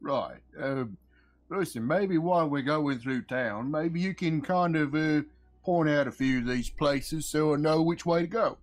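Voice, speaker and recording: A man's voice: on the high side, measured pace, no echo. A man taking part as a player in a tabletop game, answering hesitantly.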